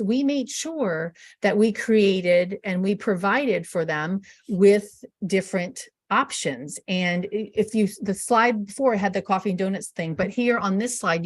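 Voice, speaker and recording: Chatty woman presenting a webinar. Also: medium pitch. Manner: chatty, anecdotal, many fillers and restarts. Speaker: event planning speaker.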